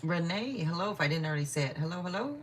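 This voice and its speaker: This tarot reader speaks in a lowish register with lively intonation, firing off words rapidly over a light hiss. Hosting her livestream, she reads out viewer questions in a relaxed, chatty way, calling viewers by name and frequently saying sorry.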